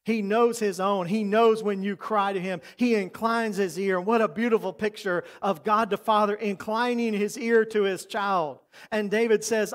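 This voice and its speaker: Мужчина средних лет, пастор, читает проповедь искренне, временами переходит на тихий, доверительный тон. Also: male voice, sits high, normal speed. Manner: earnest, preacherly, drops to soft intimate tones for emphasis. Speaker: pastor. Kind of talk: sermon.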